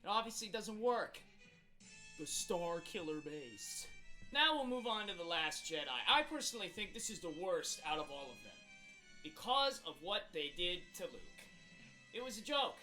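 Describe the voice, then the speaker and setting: A video creator does a comedic rant as an exaggerated, angry version of himself, a hot-tempered young man who sounds exasperated and fires off rhetorical questions. His voice is high-pitched and sing-song at a moderate pace, bright and forceful, and deliberately exaggerated. Soft music plays behind him on a rough recording.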